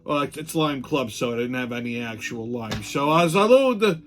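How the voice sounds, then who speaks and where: A man's voice: medium pitch, animated, moderate pace, a bit bright, a little hiss or hum. A middle-aged man, hosting a casual monologue show, blunt, profane and ranting. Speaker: podcast host.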